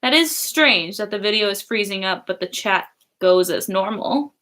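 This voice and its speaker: A woman's voice: mid-range voice, expressive, moderate pace, a bit bright. A young woman chatting casually on a livestream, reading chat and laughing often. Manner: giggly, chatty, many fillers.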